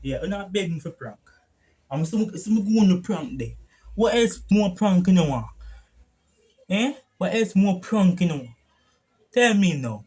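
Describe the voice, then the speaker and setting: A young man with a Jamaican accent, talking slowly and loosely to his viewers in patois. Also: sits high, animated, warm tone, breathy edge. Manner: slow, laid-back patois talk. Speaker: vlogger. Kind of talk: casual vlog chat. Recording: music playing in the background.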